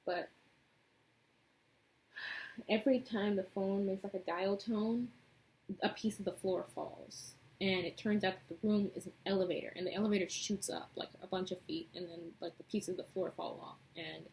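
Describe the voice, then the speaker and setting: A young beauty vlogger chats casually while doing her makeup, retelling a movie plot and rambling with many fillers. Her mid-range voice has fairly even intonation, a moderate pace and a slightly mellow quality, on a rough recording.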